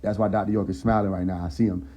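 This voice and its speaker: Teaching scripture over a casual phone live stream, this host keeps checking in with his audience and, when reading verses aloud, slows down and raises his voice. He sounds low-pitched, mellow and husky, with flat delivery, in a low-quality recording.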